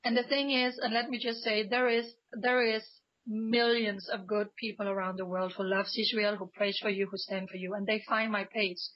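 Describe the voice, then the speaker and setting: A woman's voice: medium pitch, fairly even intonation, normal speed, muffled recording. A woman from Denmark, a guest on a radio interview, speaking with emphatic passion and frequent restarts. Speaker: guest, pro-Israel activist.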